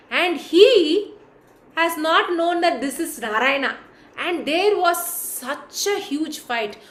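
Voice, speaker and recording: High-voiced woman storyteller. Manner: expressive, questions to listeners, dramatic hushes. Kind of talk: devotional storytelling to an audience. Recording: echoey room.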